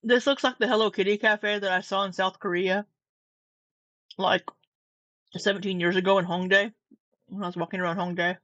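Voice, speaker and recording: A woman's voice: medium pitch, fairly even intonation, normal speed, long pauses, fairly bright tone, dry recording, dull audio. A woman giving blunt, sarcastic reaction commentary on a video, cursing freely.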